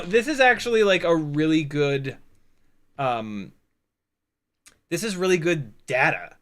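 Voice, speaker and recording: Slow-talking man explaining. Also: mid-range voice. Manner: thinks aloud through technical details. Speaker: livestream host. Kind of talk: casual livestream Q&A. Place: at home by his computer.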